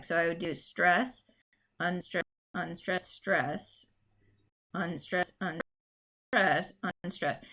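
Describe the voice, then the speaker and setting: A woman's voice: on the low side, a bit bright. Casual woman teaching poetry meter. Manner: casual, explanatory, with frequent fillers and restarts. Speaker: English teacher. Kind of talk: recorded classroom lesson.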